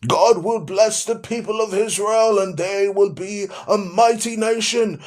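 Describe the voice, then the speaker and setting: A man imitating a pompous older male TV preacher with a slow, preaching cadence. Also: high-pitched, pitched above the performer's own voice. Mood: grandiose. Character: booming older male TV preacher pleading for money.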